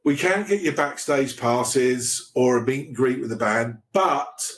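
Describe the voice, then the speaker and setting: Stammering man telling a story. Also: mid-range voice. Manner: halting, with many restarts and stammers. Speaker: podcast guest. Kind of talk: casual storytelling.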